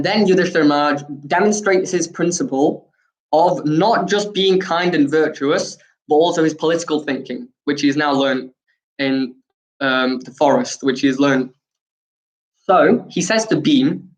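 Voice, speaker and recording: A man, a spiritual teacher, giving an animated storytelling talk, acting out dialogue between frequent fillers. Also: fairly high pitch, unhurried. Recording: echoey room.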